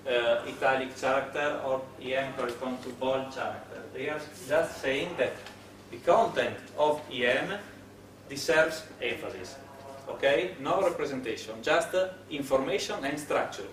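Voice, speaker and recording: Hesitant lecturer in an echoey room. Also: male voice, mid-range voice, a bit bright. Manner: hesitant, many fillers and restarts. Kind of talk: classroom lecture on web development. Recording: echoey room, mic at a distance, noisy.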